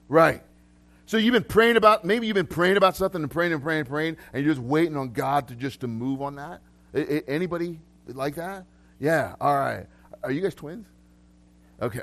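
A man's voice: a little high, fairly bright tone. A man preaching a casual sermon to a congregation, chatty and loose, often laughing and restarting his sentences. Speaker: pastor. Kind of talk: casual live sermon with prophetic words. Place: church hall with congregation.

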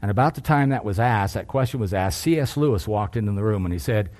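A middle-aged man preaching a sermon, earnest, lifting his voice for emphasis and then dropping low. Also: animated, fast talker, darkish tone.

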